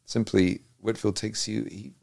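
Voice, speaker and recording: A man with a very low, gravelly voice hosts a conversational interview, telling stories eagerly and restarting his sentences as he goes. He sounds close and dry, with no room around him. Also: steady tone, moderate pace, darkish tone, no room sound. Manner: enthusiastic, rambling storyteller with frequent restarts. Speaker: host.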